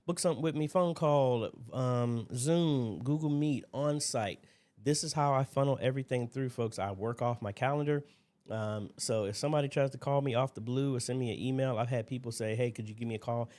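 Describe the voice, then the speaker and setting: A man with a mid-range, darkish voice speaks briskly while hosting an easygoing livestream Q&A from his desk. Using a computer desk mic, he rambles along and says hello to viewers by name.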